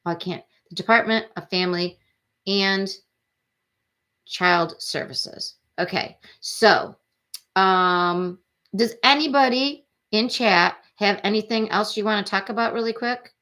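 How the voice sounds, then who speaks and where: A woman's voice: mid-range voice, takes it slowly, bright, forceful tone. A woman in her forties hosting a true crime livestream, chatting casually and rambling sympathetically as she reads viewer comments.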